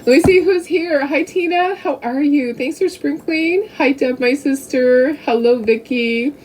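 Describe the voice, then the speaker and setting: A woman's voice: high-pitched, a little slow, darkish tone, distant mic, a little hiss or hum. A middle-aged woman chatting casually and giggling as she hosts a craft livestream from home, cooing at her dogs now and then. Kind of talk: casual live-stream chat.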